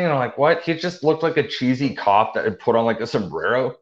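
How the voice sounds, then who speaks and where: A man's voice: medium pitch, brisk. A young man telling his story in a casual, rambling way, full of fillers and restarts. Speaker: interview guest. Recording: dull lo-fi audio.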